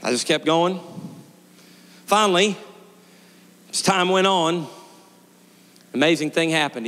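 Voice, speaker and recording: A middle-aged male pastor preaching a storytelling sermon, swinging from shouted peaks to quiet, joking asides. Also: on the high side, slow, long pauses. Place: church sanctuary. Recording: long church reverb.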